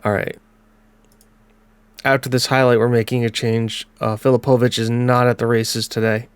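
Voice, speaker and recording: A man's voice: mid-range voice, flat delivery, clear, resonant tone, no room sound. Congested man calling a football game. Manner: chatty, calls match play in quick bursts. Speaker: gaming commentator. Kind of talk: casual let's-play commentary.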